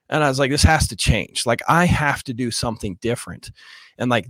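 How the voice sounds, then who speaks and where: A man's voice: mid-range voice, dry recording. Earnest man telling his story, close and dry. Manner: earnest, gets choked up, slangy. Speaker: guest. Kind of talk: emotional interview storytelling.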